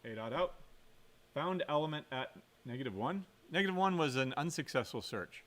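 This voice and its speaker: A man's voice: medium pitch, expressive, normal speed, fairly bright tone. Man lecturing while live-coding. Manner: thinks aloud, asks the class questions, self-corrects. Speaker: computer science lecturer.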